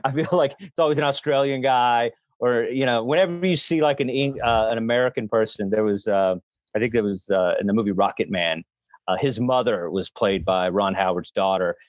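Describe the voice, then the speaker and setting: A man's voice: medium pitch, fairly quick, no room sound. A man hosting a casual comedy podcast over a video call, rambling and self-deprecating, with lots of fillers. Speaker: podcast host. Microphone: unplugged mic, sound via built-in mic.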